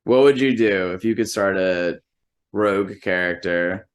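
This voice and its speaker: A man's voice: low voice, unhurried. A man, a musician and comedian, telling a long anecdote in casual, rambling speech full of fillers and swearing, quoting the people in it. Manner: profane, rambling, lots of "like" fillers; quotes people in rough imitation while storytelling.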